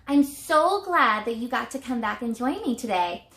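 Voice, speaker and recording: A woman teacher giving a reading lesson to young children, speaking clearly and sounding out words in a sing-song way. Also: a little high, lively intonation, normal speed, a bit bright, echoey room.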